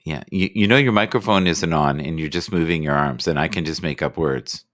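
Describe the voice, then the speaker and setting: A man's voice: very deep voice, a little fast, fairly bright tone, dry recording. A man hosting a casual live stream, joking and rambling playfully with his guests.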